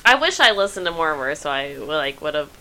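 Lively bright-voiced woman chatting. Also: sits low, fairly quick. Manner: enthusiastic, reactive, laughs often. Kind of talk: casual chat. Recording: faint hiss.

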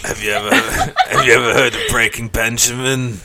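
A man's voice: mid-range voice, fairly even intonation, moderate pace, heavy background noise. A man co-hosting a podcast in casual chat, crude and joking, laughing often. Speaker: podcast co-host.

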